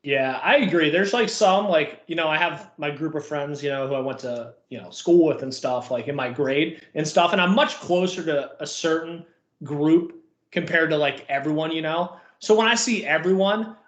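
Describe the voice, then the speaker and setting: A young man co-hosting a podcast speaks at a moderate pace in a slightly high voice, in an echoey room. The talk is casual chat, and he rambles with lots of fillers.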